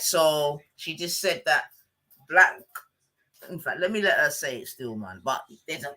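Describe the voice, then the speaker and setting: A man's voice: a little high, sharp tone. A man hosting a live stream, commenting casually in slang with laid-back chat and muttered asides.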